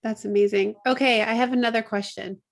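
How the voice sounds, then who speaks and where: A woman's voice: fairly high pitch, steady tone, brisk, creaky. A woman asking questions on a video call in a friendly, encouraging way. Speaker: interviewer. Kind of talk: casual chat on a video call.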